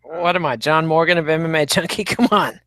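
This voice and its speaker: A man with a fairly high voice banters wryly and teasingly as a podcast co-host while leading the rundown. His voice sounds close and dry, with no room echo. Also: brisk, creaky, a bit bright. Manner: wry, teasing, runs the show's rundown. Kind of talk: casual comedic chat.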